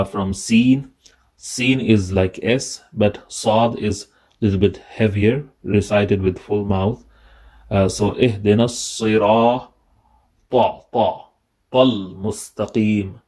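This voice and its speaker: Slow, low-voiced man teaching recitation. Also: a little mellow. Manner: slow, careful, repeats each word to correct pronunciation. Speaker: religious teacher. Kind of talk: recitation lesson.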